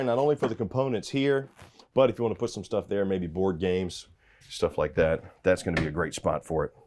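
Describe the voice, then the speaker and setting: A man giving an upbeat walkthrough of a travel trailer, pointing out features as he goes, recorded inside the trailer. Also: fairly low pitch. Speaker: RV salesman giving a walkthrough tour. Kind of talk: product walkthrough.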